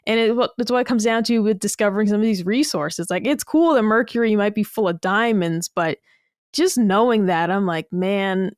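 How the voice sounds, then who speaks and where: A woman chatting casually on a podcast, blunt and animated, swearing freely. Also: mid-range voice, fairly quick, no room sound, clean studio sound. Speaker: podcast guest.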